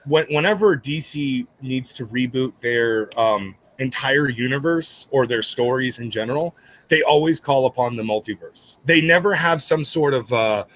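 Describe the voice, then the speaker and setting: A man's voice: mid-range voice, moderate pace, fairly bright tone. A man in a mid-range voice rambles through an opinion over a voice call, padding it with hedges and fillers. A faint hiss sits under his home mic. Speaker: podcast co-host. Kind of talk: casual opinionated chat.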